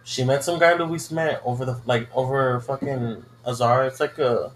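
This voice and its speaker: A man's voice: medium pitch, steady tone, normal speed, a little hiss or hum. Male podcast co-host, profane rambling storyteller, echoey room. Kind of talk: casual chat.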